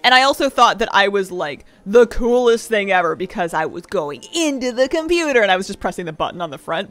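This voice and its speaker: Young woman, streamer, casual chat, rambling stories, animated voice, soft music behind. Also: mid-range voice, brisk, hardly any pauses, no room sound. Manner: chatty, rambling storytelling with laughs.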